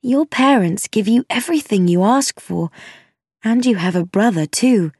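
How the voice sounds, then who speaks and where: A woman voicing a sharp, ambitious young woman in a storybook reading, in a raised, pleading voice. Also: medium pitch, animated, normal speed, slightly rough, no echo, studio quality. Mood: wistful.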